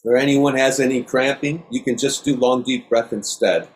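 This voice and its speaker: A middle-aged man, a yoga instructor, calmly leading a class through breathing exercises with step-by-step cues. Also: mid-range voice, moderate pace.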